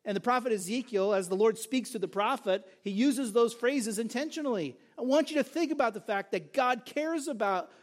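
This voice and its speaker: A man's voice: very high-pitched, normal speed, few pauses. A male pastor preaching a sermon, earnest and emphatic, repeating key phrases for stress.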